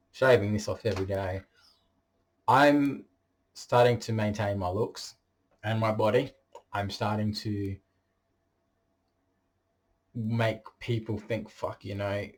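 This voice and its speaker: Boastful, blunt man. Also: lowish voice. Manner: boastful, blunt, swears freely. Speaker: vlogger. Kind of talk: direct-to-camera monologue.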